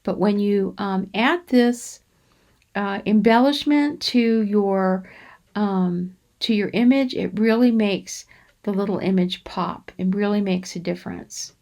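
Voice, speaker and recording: A woman hosting a crafting channel, talking through a coloring demonstration in an unhurried, rambling way with frequent ums and restarts. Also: medium pitch, creaky, a little mellow. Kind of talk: relaxed coloring demonstration voice-over.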